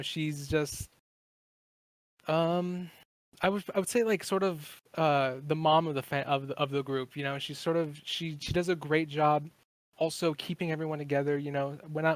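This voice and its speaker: A man's voice: fairly high pitch, level tone, normal speed, no room sound. A man in his twenties, a podcast guest, chatting casually in a rambling, profane way with many fillers. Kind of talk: casual chat.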